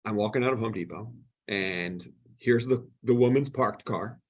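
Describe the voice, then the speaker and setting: Husky-voiced man, podcast guest, lively storyteller who acts out what people said. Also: on the low side, moderate pace. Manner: animated storyteller, acts out quoted exchanges. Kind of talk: casual storytelling chat.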